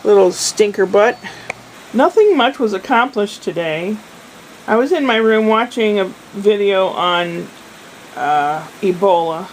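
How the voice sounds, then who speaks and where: A woman's voice: medium pitch, slight background noise, low-quality recording. An older woman in a casual video diary, chatty and meandering, with a self-deprecating manner. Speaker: vlogger.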